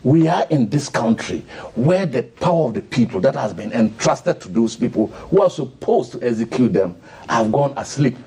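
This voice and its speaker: On a studio radio talk show, a man with a Ghanaian English accent delivers heated, indignant commentary as a panelist, firing off rhetorical questions. His medium-pitched voice swings widely, dark and slightly rough, at normal speed with few pauses.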